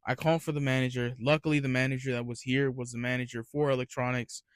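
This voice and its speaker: A man's voice: mid-range voice, flat delivery, fast talker, no echo. A young man telling retail work stories in a rambling, ranting casual monologue, swearing freely.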